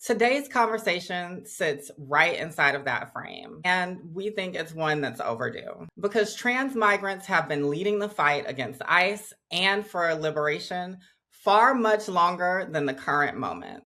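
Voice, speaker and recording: A woman's voice: lowish voice, very animated, measured pace, bright, forceful tone. A woman with a Southern accent moderating a panel, reading an earnest, emphatic introduction.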